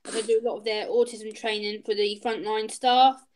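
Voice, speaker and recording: A woman's voice: mid-range voice, level tone, fairly quick, a little hiss or hum. A woman in her late twenties chatting casually in a group, telling stories and acting out both sides of each exchange. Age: 20s. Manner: chatty storyteller, acts out both sides of dialogues. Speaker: autism trainer.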